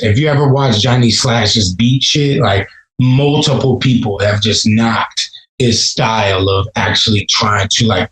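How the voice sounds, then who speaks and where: A man's voice: on the low side, reverberant, low-quality recording. A man from Chicago, a rapper, telling stories in a casual, profane podcast interview. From Chicago, USA. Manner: laid-back, profane, storytelling. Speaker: rapper guest.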